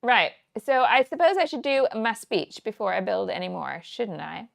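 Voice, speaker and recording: A woman's voice: mid-range voice, very animated, normal speed, creaky, no room sound. A woman in her forties from the Kansas City area, chatting and telling rambling stories with frequent laughs while she scrapbooks live. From United States, Kansas City area. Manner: chatty, rambling storyteller who laughs often. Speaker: scrapbooking teacher and livestream host. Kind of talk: casual crafting livestream chat.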